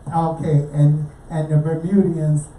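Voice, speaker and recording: A woman with a warm, level voice speaks at a measured pace while hosting a casual radio show. She chats with guests, asks them questions, and drifts into pitches for donations. The recording sounds roomy, with a distant mic and faint noise.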